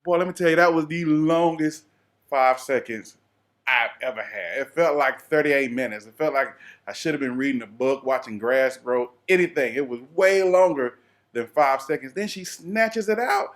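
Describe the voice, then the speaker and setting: A young man from the American South with an Atlanta accent, telling a comic story in an animated, playful way with plenty of exaggeration. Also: medium pitch, moderate pace. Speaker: vlogger.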